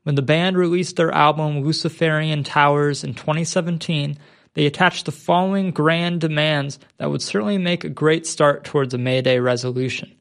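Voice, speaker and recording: A man hosting a show, introducing clips in measured, read-from-script narration. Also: on the high side, fairly even intonation, vocal fry. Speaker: host.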